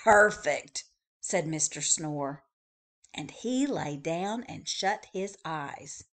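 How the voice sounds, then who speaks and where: A woman librarian reading a picture book aloud to young children, expressive and full of sound effects. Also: deep voice, slow pace.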